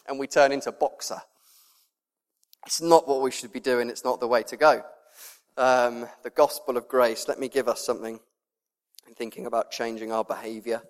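A male preacher, giving a sermon with lively storytelling and laughter. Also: medium pitch. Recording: long reverb in a hall.

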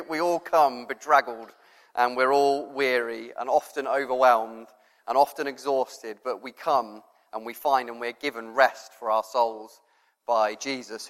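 A man's voice: mid-range voice, fairly bright tone. A man giving an informal, chatty sermon as a preacher, rambling a little with fillers. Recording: long reverb of a hall.

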